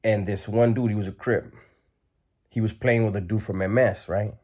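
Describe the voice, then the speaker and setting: A man with a somewhat low voice recounts a story in plain streetwise talk. He is blunt and relaxed, and he leans on fillers as he goes. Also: moderate pace. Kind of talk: casual storytelling.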